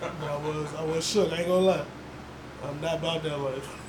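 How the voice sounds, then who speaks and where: Young guy on a podcast, kinda high voice, laughs a lot while telling stories, echoey room. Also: normal speed, over a noisy crowd. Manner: animated storyteller, laughs often, mimics others. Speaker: podcast host. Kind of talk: casual chat.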